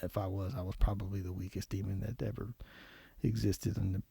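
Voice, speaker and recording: A man telling a painful personal story as a podcast guest, halting and repeating words, his voice often dropping low and soft. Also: level tone, creaky, slightly rough, no room sound.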